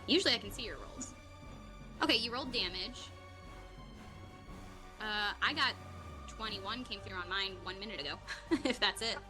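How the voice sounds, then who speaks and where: A woman narrating as game master of a tabletop game, upbeat, with quick asides and frequent laughs. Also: medium pitch, bright, forceful tone, faint music behind.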